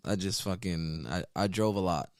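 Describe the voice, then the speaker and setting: A man's voice: deep voice, moderate pace, smooth, dry recording, clean studio sound. A man co-hosting a casual podcast, laid-back and teasing. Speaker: podcast co-host. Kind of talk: casual chat.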